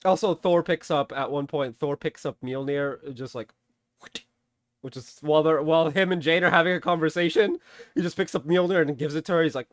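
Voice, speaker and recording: A man casually recapping and reviewing a movie, animated, swearing freely and laughing often. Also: on the high side, a little fast, dry recording, studio quality. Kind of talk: casual spoken film recap.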